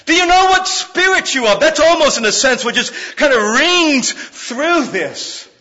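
A man preaching a sermon in an emphatic, conversational way, swinging between loud, pressing lines and hushed ones, with frequent fillers. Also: extremely high pitch, lively intonation, unhurried, long reverb tail, muffled recording. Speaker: pastor.

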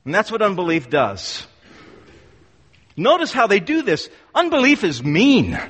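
A man's voice: high voice, huge pitch swings, unhurried, fairly bright tone, slightly rough. A man preaching a sermon to his congregation, emphatic and repeating words for force. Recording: long hall reverb.

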